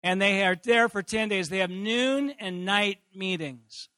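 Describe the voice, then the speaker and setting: A man preaching a sermon, telling a story in an animated way with frequent laughter and sudden shouted outbursts. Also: sits high, measured pace, no room sound, clean studio sound. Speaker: pastor.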